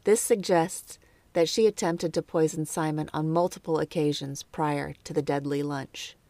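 A woman narrates a true crime case at a steady, measured pace. Her voice sits low and has a gravelly fry. The sound is dry and close, with no room around it. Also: no room sound. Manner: measured, lightly commenting asides.

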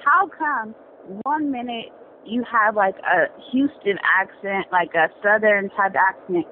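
A woman with a slight speech impediment ranting in an exasperated, animated way during a casual chat. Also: mid-range voice, measured pace. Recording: tinny phone-like sound with faint noise.

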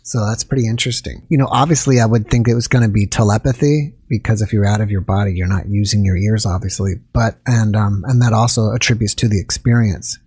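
Male podcast host, slightly husky, dry close sound, thoughtful responses. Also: lowish voice, fast talker, few pauses, a little mellow, no echo. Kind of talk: interview chat.

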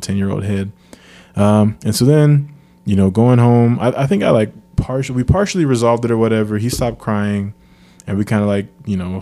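Guy on a podcast, low mellow voice, animated story, does little voices. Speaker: podcast co-host. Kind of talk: casual storytelling chat.

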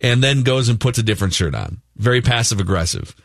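Chatty man co-hosting sports radio, with a middle-pitched voice. He talks easily, moving from sports gossip into live ad reads. The studio sound is dry and close. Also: fast talker, creaky, dry recording. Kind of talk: sports talk radio banter.

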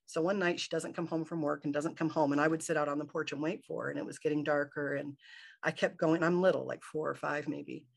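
A woman from Michigan, a podcast guest, telling a personal story in a lively way and acting out her own thoughts. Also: deep voice, fast talker, creaky. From Michigan, USA. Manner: animated, acts out her own inner thoughts in quotes.

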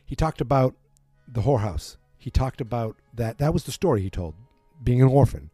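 A man in casual chat, rambling through a TV episode recap with many fillers and quick acted-out quotes. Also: medium pitch, animated, mellow, breathy edge, no room sound, faint music behind. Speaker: podcast host recapping a TV drama.

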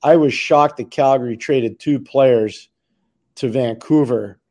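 A man's voice: medium pitch, slow, mellow. A man co-hosting a podcast, talking emphatically and repeating words for stress. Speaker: podcast co-host. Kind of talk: casual podcast chat.

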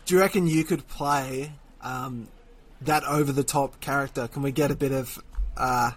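A man's voice: medium pitch, fairly even intonation, moderate pace. A man with an Australian accent co-hosting a podcast, chatting casually in a teasing, laid-back way. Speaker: podcast co-host. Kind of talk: casual chat.

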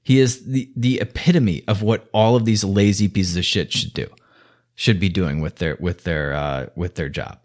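A man's voice: low-pitched, normal speed. A man venting in a heavy-swearing, sarcastic personal rant.

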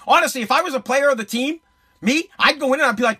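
A man rants on sports radio, swearing and hammering the same points again and again. His voice sits high and sounds bright and forceful. A husky grain runs through it. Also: fast. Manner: profane, emphatic, repetitive ranting. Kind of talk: heated sports commentary rant.

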